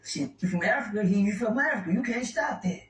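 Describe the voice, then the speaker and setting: A man's voice: high-pitched, animated, a little fast. A man telling prison stories in casual talk, rambling and stammering over repeated words. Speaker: interview guest. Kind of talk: casual storytelling. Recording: echoey room, distant mic, faint noise.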